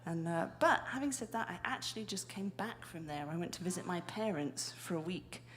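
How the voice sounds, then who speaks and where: A woman's voice: lowish voice, expressive, fairly quick, fairly bright tone. A woman from the UK with a British accent, chatting and rambling on stage between songs at a live show. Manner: chatty, self-deprecating, rambling. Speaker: stage co-host. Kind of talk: casual on-stage banter. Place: live music venue.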